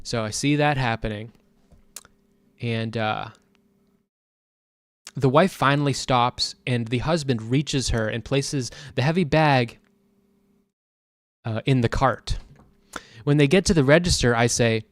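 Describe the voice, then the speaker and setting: A man's voice: medium pitch, a little slow, long pauses, no echo, studio quality. A man streaming, chatting casually in a profane, ranting way. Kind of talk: casual chat.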